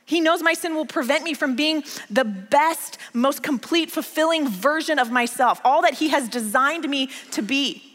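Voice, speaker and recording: Bright-voiced woman pastor preaching. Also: high voice, normal speed, hardly any pauses, in a large hall. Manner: storytelling, emphatic repetition. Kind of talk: conversational sermon.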